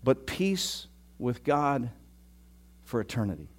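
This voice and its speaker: A middle-aged man preaching from the pulpit in a relaxed, conversational way. He jokes about himself, then presses points with emphatic conviction. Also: mid-range voice, slow. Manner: conversational, self-deprecating, rising to emphatic preaching. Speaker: pastor. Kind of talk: sermon.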